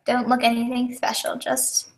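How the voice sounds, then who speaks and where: A woman's voice: a little high, monotone, normal speed. A woman chatting casually on a live stream, rambling and giggly, tired and thirsty. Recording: echoey room, far from mic, faint noise.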